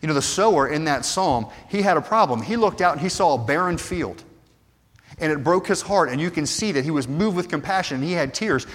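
A man preaching a sermon earnestly, moving from hushed passages to fervent, rising appeals. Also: a little high, animated, fairly quick. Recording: long hall reverb.

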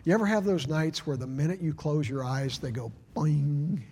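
A middle-aged pastor preaching a dramatic sermon, lurching between booming shouts and soft whispers. His voice sits a touch high and comes across slightly husky. A long reverb from the big hall trails every phrase. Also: moderate pace.

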